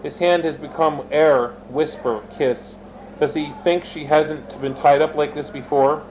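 Man reading a story, slightly high voice. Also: a little slow, darkish tone, dull audio, a little hiss or hum. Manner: shifts between character voices and narration, speaks directly to listeners. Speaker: reader of his own fiction. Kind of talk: dramatic reading of an erotic story.

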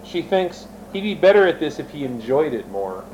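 A man with a somewhat high-pitched voice gives a dramatic reading of his own story. He moves between plain narration and the characters' lines, and he sometimes turns to speak straight to his listeners. A faint hiss sits under the voice. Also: sing-song, moderate pace, a little mellow, low-quality recording. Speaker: reader of his own fiction.

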